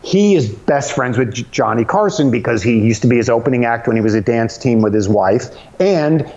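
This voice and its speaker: Male comic guest telling stories at home, lively with put-on voices; dull remote-call sound. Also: mid-range voice, brisk. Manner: lively, acts out voices in anecdotes. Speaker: comedian guest. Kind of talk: animated storytelling.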